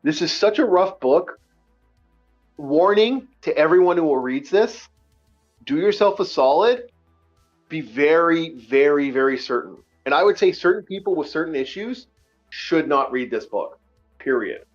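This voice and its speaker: A man hosting a casual online book-review chat, emphatic and animated, repeating himself often. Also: on the high side, a little slow, highs cut off, soft background music. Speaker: podcast host.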